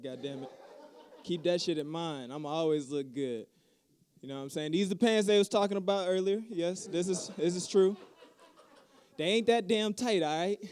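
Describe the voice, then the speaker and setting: A man's voice: high voice, a little mellow. A man with a New Mexican accent doing a stand-up set, cocky and laid-back as he tells his stories. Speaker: stand-up comedian. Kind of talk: stand-up comedy.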